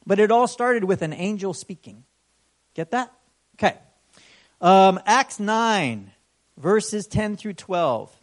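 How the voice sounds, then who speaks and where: In this clip a man with a high voice preaches a sermon conversationally, speaking slowly and pausing often. He keeps checking in with "right?" and voices the story's exclamations aloud, telling it in an animated way.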